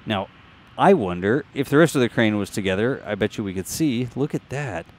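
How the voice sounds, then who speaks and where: A man's voice: lowish voice, expressive, a little fast, slight background noise. A man hosting a show, narrating launch site footage in a casual, jokey, think-aloud voice-over.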